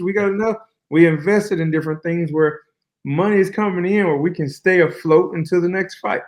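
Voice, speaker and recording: Guy on a call chatting easy and slangy, voice sits a bit high, just keeps the story rolling. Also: fairly quick. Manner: relaxed, colloquial, long flowing stories. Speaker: guest fighter. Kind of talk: casual interview talk.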